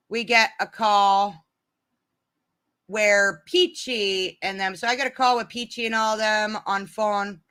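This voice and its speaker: Bright-voiced woman rambling to viewers. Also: mid-range voice. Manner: rambling, many restarts and "you know"s. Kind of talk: casual storytime chat to viewers.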